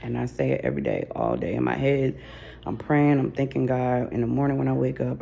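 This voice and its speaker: A tired woman talking to her camera in a casual personal vlog, low on energy, sighing often and speaking from the heart. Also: lively intonation, a little fast, vocal fry, warm tone, dull audio. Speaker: vlogger. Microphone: camera mic.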